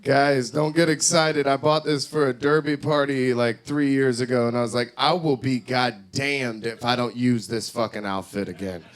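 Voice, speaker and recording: A young man doing a profane stand-up set at a bar, shouting out to the crowd. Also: medium pitch, fairly even intonation, normal speed, few pauses. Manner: brash, profane storytelling with shouted crowd work. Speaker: stand-up comedian. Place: comedy bar stage.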